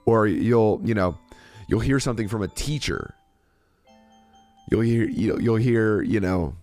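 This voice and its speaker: Low-voiced man telling a rambling story. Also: a little slow, faint music behind. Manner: rambling, animated storytelling with self-interruptions and swearing. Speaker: streamer host. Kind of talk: casual storytelling to a live chat.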